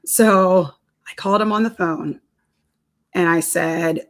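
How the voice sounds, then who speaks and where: A woman's voice: on the low side, takes it slowly. A woman, a nutrition counselor and personal trainer, telling a personal story in a casual interview, laughing often and repeating words as she goes.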